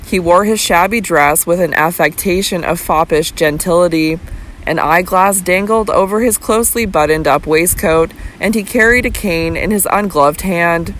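Man narrating an audiobook, high voice. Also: moderate pace, fairly bright tone, slight background noise, low-quality recording.

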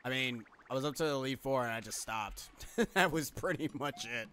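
A man's voice: medium pitch, moderate pace, bright, forceful tone, slight background noise. A man casually commenting while playing a game on a live stream, chatty and rambling, with wry asides. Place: home streaming setup. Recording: game music playing behind.

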